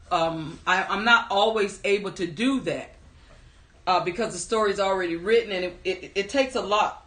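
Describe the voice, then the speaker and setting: A woman's voice: fairly low pitch, bright, forceful tone, roomy sound. A woman hosting a live stream, greeting viewers by name in an upbeat, chatty way before starting her story. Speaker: livestream storyteller host. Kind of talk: casual live-stream chat.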